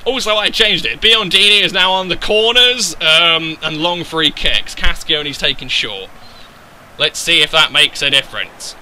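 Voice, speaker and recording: A young man giving sweary, excitable commentary over a football video game, breaking into loud outbursts and then dropping to low mutters. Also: measured pace, a little hiss or hum, poor audio. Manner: excitable and sweary, yelling at his players. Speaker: gaming YouTuber. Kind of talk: live gameplay commentary.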